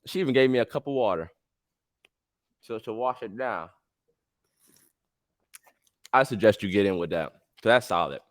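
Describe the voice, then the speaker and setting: A man hosting a casual storytelling podcast, telling a travel tale in a slangy, rambling, animated way. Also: on the low side, moderate pace, long pauses, no room sound. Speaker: podcast host.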